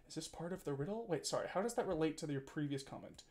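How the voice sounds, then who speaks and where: A man's voice: fairly high pitch, lively intonation, moderate pace, darkish tone. A man in his twenties chatting casually on a live stream, rambling and teasing his chat with frequent laughs and filler words. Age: 20s.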